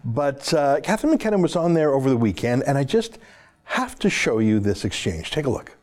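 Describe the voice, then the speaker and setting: A man's voice: medium pitch, sing-song, fairly quick, darkish tone. A man hosting an opinionated political monologue, talking in a sarcastic, mocking and emphatic way. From Canada. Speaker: political commentator host.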